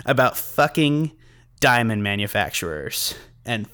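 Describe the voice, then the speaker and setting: A man's voice: mid-range voice, expressive, unhurried, sharp tone, clear, resonant tone. A young man hosting a podcast, chatting casually, ranting and swearing with plenty of laughter. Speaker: podcast host.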